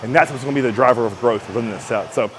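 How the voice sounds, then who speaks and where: A man coaching a shoulder exercise in a casual, energetic way, talking while he lifts and strains through the reps. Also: mid-range voice, racing, a little hiss or hum, low-quality recording. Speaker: fitness coach.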